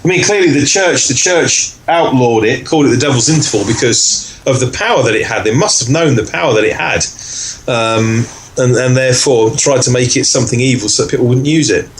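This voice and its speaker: A man co-hosting a podcast. He tells a story casually and acts out other people's lines in much higher voices. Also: brisk, low-quality recording. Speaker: podcast co-host. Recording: faint background noise.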